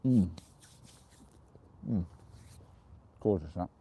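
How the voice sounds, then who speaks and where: An English man chatting casually on a live stream from the dark woods at night, giggling as he reads out viewer jokes. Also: low-pitched, lively intonation, drawn-out words, husky. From England.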